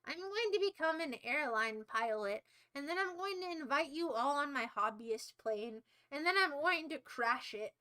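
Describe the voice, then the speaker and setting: A woman's voice: high voice, expressive, normal speed, hardly any pauses, bright, forceful tone. A young woman hosting a livestream, talking casually in a melodramatic, mock-despairing and playfully insulting way. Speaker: livestream host.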